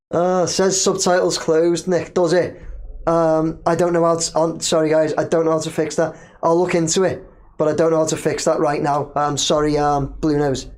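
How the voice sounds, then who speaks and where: A man's voice: a little high, flat delivery, normal speed, a little mellow. A man hosting a casual live stream, chatting loosely, reading viewer comments aloud and laughing easily. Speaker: livestream host.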